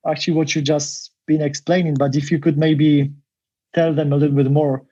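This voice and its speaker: A man's voice: fairly high pitch, flat delivery, moderate pace, mellow. A man hosting a podcast, reading out a listener's question and asking the guest to explain more. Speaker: podcast host. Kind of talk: interview questions. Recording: dull lo-fi audio.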